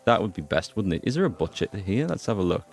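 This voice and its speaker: A man's voice: low voice, very animated, quick pace, soft background music. A man hosting a gaming playthrough, chatting, joking and thinking aloud. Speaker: gaming host. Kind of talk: let's play commentary.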